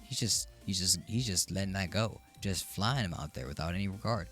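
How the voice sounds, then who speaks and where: A man's voice: low-pitched, brisk, few pauses, a bit bright, faint music behind. A man streaming and reacting to online stories with amused, wry asides. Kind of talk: casual reaction commentary.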